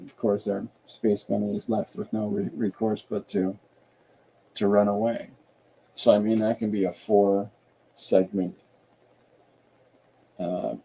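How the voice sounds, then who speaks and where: A man hosting an art podcast, thinking aloud in a relaxed, rambling way while he draws and reads viewer comments. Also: on the low side, vocal fry, husky, poor audio. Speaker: artist and podcast host. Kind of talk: casual livestream chat while drawing.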